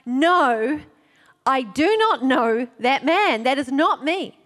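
A woman gives voice to a disciple speaking plainly and directly in a retold story. The voice is high and carries a long hall reverb. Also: expressive, slow, fairly bright tone, exaggerated voice. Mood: defiant. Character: Peter, frightened then humbled disciple man.

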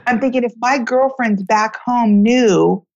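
An American woman who founded a charity, telling her story to a host in a lively, chatty way, acting out the voices of the people in it and using many "like"s. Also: a little high, unhurried, highs cut off, slight background noise. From United States. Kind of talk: animated storytelling in a talk interview.

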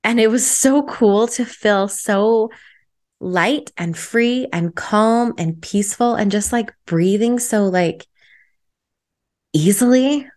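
A woman's voice: medium pitch, takes it slowly. A woman hosting a podcast, telling a personal story in a chatty, enthusiastic way with lots of filler words. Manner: chatty, filler-heavy with frequent "like"; enthusiastic, energetic. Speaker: podcast host.

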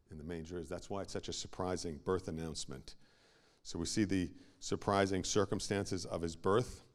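A man preaching a sermon as a pastor, swinging from hushed asides to loud, emphatic peaks and repeating words as he builds a point. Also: sits low.

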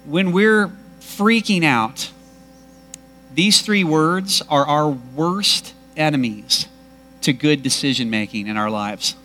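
Bright-voiced man preaching with emphasis. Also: on the high side, takes it slowly, slight background noise. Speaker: pastor. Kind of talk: sermon.

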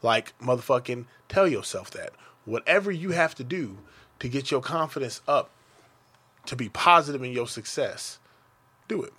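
A man in his thirties holds forth on a podcast with blunt, profane bluntness. He jumps into mocking put-on voices to act out what others say. His voice sits at a middling pitch. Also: animated, moderate pace, sharp tone, slightly rough. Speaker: podcast co-host. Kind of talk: crude casual banter.

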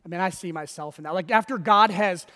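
A man's voice: sits high, brisk, pushed and bright. A man preaching a sermon as pastor, telling the story with animation and acting out the quotes. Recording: long reverb of a large hall.

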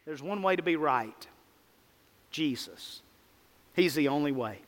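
A man's voice: fairly high pitch, lively intonation, a little slow, long reverb tail. A man preaching a sermon, with an emphatic, repetitive cadence and rhetorical questions.

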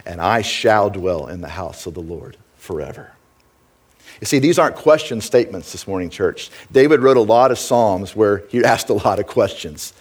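A middle-aged man preaching from the pulpit, his voice sitting a little low. He talks in an earnest, conversational way and keeps turning to the congregation with quick asides. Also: a little mellow. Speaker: pastor. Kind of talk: sermon.

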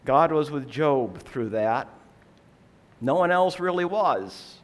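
A man preaching a sermon, explaining scripture in a measured, earnest way and asking rhetorical questions. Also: a little high, animated.

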